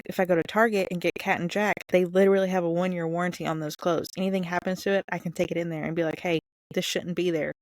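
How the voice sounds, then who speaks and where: A woman's voice: lowish voice, dry recording. A woman in her thirties with a Southern US accent, co-hosting a podcast in casual, giggly chat. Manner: chatty, giggly, animated storytelling. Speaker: podcast co-host.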